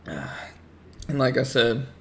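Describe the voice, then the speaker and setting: A man hosting a casual livestream, hoarse as he loses his voice, rambling and repeating himself while greeting chat viewers. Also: medium pitch, sing-song, measured pace, a little hiss or hum. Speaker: livestream host talking trading.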